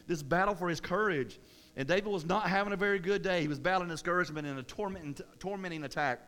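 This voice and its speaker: A man preaching a sermon as pastor, with energetic, conversational delivery full of restarts. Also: high voice.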